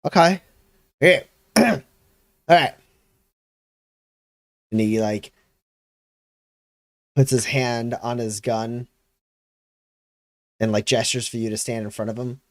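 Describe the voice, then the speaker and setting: A man's voice: mid-range voice, flat delivery, unhurried, long pauses, no echo, studio quality. A man running a tabletop game as game master, narrating with fillers and frequent laughs. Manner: laughing, rambling, lots of fillers.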